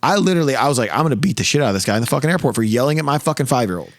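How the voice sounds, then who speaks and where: A man's voice: mid-range voice, expressive, rapid-fire, no echo, clean studio sound. A man in his thirties hosting a podcast, telling stories in a profane, ranting way in casual chat. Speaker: podcast host.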